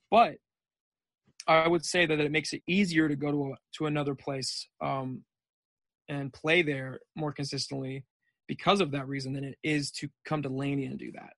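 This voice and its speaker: A young junior college football player, appearing as a podcast guest, chats casually and tells laid-back, rambling stories packed with "dude" and "like". His voice is on the high side and creaky, and the recording is dry.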